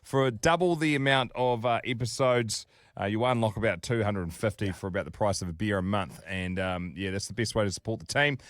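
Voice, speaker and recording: New man, podcast co-host, quick and laid-back, upbeat chat. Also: on the low side, a bit bright, dry recording, clean studio sound.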